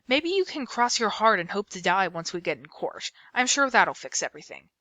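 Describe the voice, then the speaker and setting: A woman reading aloud and voicing a gruff, impatient male public defender with a sarcastic manner. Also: sits high, sing-song, a little fast, pushed and bright, dry recording, heavily acted. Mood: irritated.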